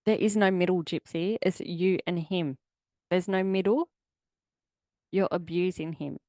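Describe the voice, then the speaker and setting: A woman's voice: fairly low pitch, fairly even intonation, measured pace, a little mellow, dry recording, clean studio sound. An Australian woman hosting a podcast, giving sarcastic, blunt commentary. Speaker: podcast host.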